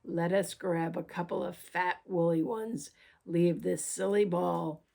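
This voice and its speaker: A woman voicing a hungry, sly male wolf disguised as a sheep in a read-aloud storybook, speaking in a low, growly voice. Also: fairly even intonation, slow pace, gravelly, warm tone, heavily acted. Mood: growling, sly.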